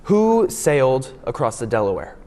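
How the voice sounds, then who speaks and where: A man voicing a brisk schoolteacher. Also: mid-range voice, big pitch swings, warm tone, natural voice. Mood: quizzing. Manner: brisk quiz questions in a joke. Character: woman schoolteacher quizzing her class.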